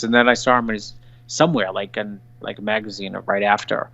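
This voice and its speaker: Gravelly man on a dull line. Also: lowish voice, a bit bright. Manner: rambling, halting, trails off. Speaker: podcast co-host. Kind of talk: casual chat.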